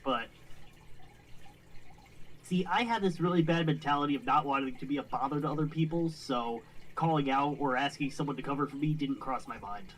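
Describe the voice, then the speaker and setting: A man joining a livestream as a guest, calmly recounting his week in an easygoing way. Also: mid-range voice, fairly quick. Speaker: stream guest. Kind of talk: casual chat on a livestream. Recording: faint hiss, distant mic.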